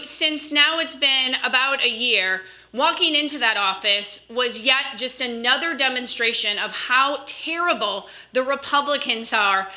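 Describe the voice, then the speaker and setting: Woman, 30s, high bright voice, chatty convention speaker who tells stories. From Western Wisconsin. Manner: chatty storytelling, quick asides. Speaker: political speaker. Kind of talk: convention speech.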